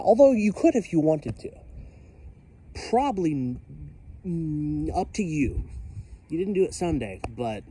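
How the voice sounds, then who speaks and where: A man's voice: fairly high pitch, warm tone. Chatty man outdoors in stormy wind. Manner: chatty, self-deprecating, jokey asides. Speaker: vlogger filming a storm. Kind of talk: casual rambling commentary. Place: outdoors by his house in a storm.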